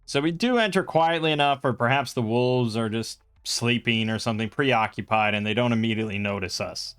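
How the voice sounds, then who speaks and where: A man's voice: mid-range voice, fairly quick, fairly bright tone, clean tone. Man narrating a solo tabletop game. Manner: thinking aloud, reading rules and rolls. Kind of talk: casual solo role-play narration.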